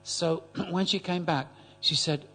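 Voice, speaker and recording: A man's voice: on the high side, slightly rough, faint music behind. Older man telling a story. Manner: halting, repeats words, animated. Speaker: class attendee. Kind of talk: storytelling in a group class.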